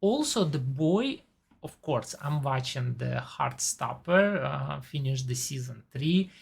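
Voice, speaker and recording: Low, gravelly woman with non-native English. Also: lively intonation, slow pace. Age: 40s. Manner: chatty, enthusiastic about actors. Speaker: TV and movie reviewer. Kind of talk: casual chat.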